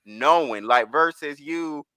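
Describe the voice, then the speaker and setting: A man's voice: on the high side, slow pace, bright, forceful tone, clear, resonant tone, dry recording. A man as a podcast guest, telling candid stories in casual chat and slipping into the voices of people in them. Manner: candid storytelling, slips into voices of others.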